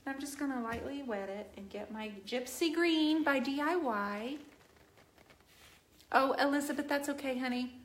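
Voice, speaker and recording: A woman's voice: sits high, moderate pace. Earnest woman painter in an echoey room. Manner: earnest, emphatic, speaks directly to viewers. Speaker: furniture painting instructor streaming live. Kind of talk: live painting stream chat. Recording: roomy echo.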